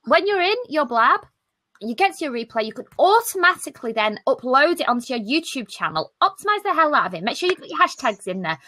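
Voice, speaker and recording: Brash, lively British woman on a video call. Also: high-pitched, fast, no echo. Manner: brash, lively and jokey, with mild swearing. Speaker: live stream host. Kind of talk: casual live stream chat.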